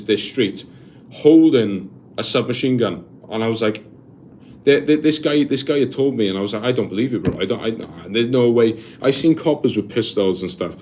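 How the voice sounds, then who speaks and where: A man's voice: medium pitch, moderate pace, darkish tone, a little hiss or hum. A Welsh man in his twenties chatting on a live stream, reading out viewer comments and answering in a rambling way with many restarts. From Wales. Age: 20s. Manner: reads viewer comments aloud and answers them. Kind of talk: casual live-stream chat.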